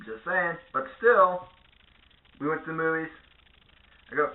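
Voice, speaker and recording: A man's voice: on the high side, a little slow, phone-quality sound. Guy ranting on his vlog, sarcastic and swearing, sounds like a phone mic in an echoey room. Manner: sarcastic, profane, animated. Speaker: vlogger. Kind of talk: ranting monologue.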